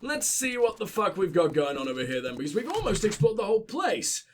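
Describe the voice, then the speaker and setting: A man's voice: high-pitched, wildly swooping pitch, fairly quick, a little hiss or hum. A man hosting a let's play, giving casual gameplay commentary full of profanity and mocking jokes.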